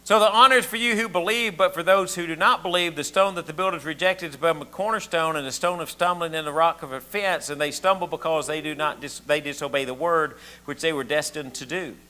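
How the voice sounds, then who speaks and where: An older man with a thick Southern accent gives a homey, conversational sermon. He quizzes his listeners and stumbles over repeated words as he goes. His voice is pitched a little high and rings brightly. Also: fairly quick, few pauses. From southern United States. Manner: folksy, asks the room questions, repeats words often. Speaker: pastor.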